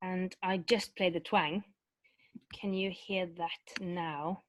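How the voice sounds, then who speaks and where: A woman's voice: fairly low pitch, steady tone, slow pace, dry recording. A woman vocal coach explaining vocal technique in a webinar, talking loosely with many fillers and restarts. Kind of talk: webinar teaching with sung demonstrations.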